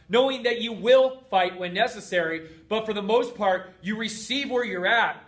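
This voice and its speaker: Man, fitness coach, motivational talk, earnest, emphatic, repeats phrases, fairly high voice. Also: fairly bright tone.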